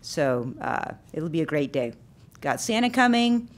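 A woman speaks on behalf of a community organization, promoting an event in an upbeat, friendly way. Her voice sits slightly low. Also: very animated, unhurried. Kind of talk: public announcement at a council meeting.

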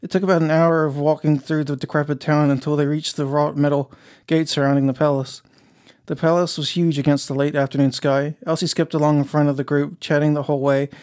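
A man narrating an audiobook in a plain, steady reading style. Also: on the high side, brisk.

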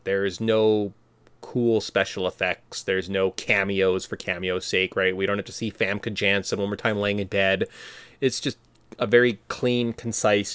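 Podcast co-host, male, fairly low voice, animated and emphatic, dry close mic. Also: clean tone, dry recording. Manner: animated, emphatic, quick bursts of enthusiasm. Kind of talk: casual movie discussion.

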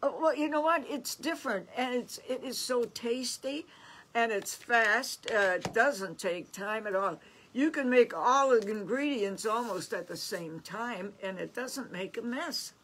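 A woman's voice: a little high, expressive, a little slow, a bit bright, slight background noise. An older woman co-hosting a live craft stream, chatting in a sweet, gushing way. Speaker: co-host. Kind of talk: casual chat on a craft stream.

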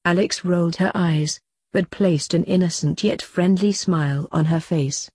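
Woman narrating fanfic, husky, dry, steady. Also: fairly low pitch, measured pace, no echo. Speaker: fanfiction reader.

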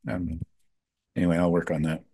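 This sports podcast host talks in a low, monotone voice at normal speed, with vocal fry and a dark tone. His manner is casual and offhand, heavy on fillers, and he doesn't hold back his opinions.

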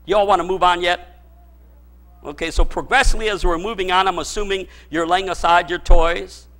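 A man preaching a sermon as pastor, speaking directly to his congregation and repeating his points with emphasis that builds to shouts. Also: high voice, steady tone, a little fast. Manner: folksy, addresses the congregation directly.

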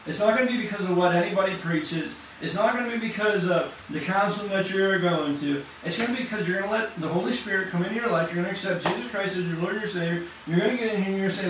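A man giving an impassioned testimony sermon at church, talking fast and casually with slang. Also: high voice, fairly bright tone, slight background noise. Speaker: church class leader. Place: church hall. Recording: very echoey hall, distant mic.

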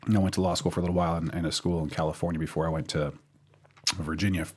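Low husky man hosting a podcast. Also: level tone, racing. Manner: rambling, repeats words while thinking. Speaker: podcast host. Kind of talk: casual podcast chat.

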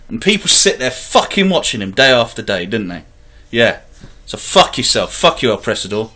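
Bright-voiced swaggering trash-talker. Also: male voice, mid-range voice, big pitch swings, normal speed. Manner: boastful, swaggering, swears constantly, bursts into shouting. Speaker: gaming YouTuber. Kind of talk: trash-talking troll rant to camera.

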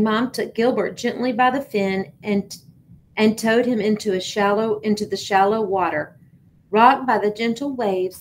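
A woman teacher reading a picture book aloud, expressive but now and then stumbling and repeating words. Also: mid-range voice, slight background noise, low-quality recording.

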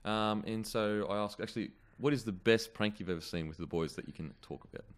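A man's voice: fairly low pitch, fairly quick, clean tone. A man hosting a casual chat, blokey and swearing a lot. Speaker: podcast host.

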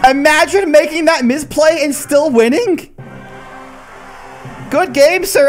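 A man with a strikingly high voice calls a match live, swinging widely in pitch as he yells reactions and teases his opponent. Soft music plays underneath. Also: measured pace, pauses often. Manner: excitable, shouting reactions and teasing banter. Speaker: gaming video host. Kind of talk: live gameplay commentary.

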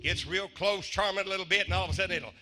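A man preaching a revival sermon, swinging from hushed asides to shouting. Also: sits high, very fast, faint music behind.

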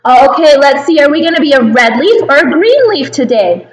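A woman teaching a kindergarten calendar lesson in a slow, sing-song, encouraging way. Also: high-pitched, lively intonation, echoey room, rough recording. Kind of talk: calendar lesson for young children.

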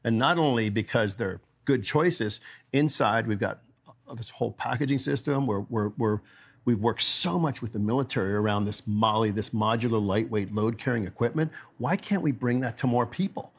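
A man who runs a company, talking as a podcast guest in a lively, storytelling way. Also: mid-range voice, moderate pace, husky. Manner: energetic storyteller, acts out quoted dialogue. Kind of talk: casual interview storytelling.

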